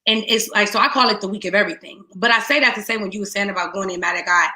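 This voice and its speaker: Bright-voiced woman telling a painful story. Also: mid-range voice, rapid-fire, reverberant. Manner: raw, tearful retelling with rising outbursts and hushed moments. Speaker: guest speaker. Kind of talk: emotional personal testimony.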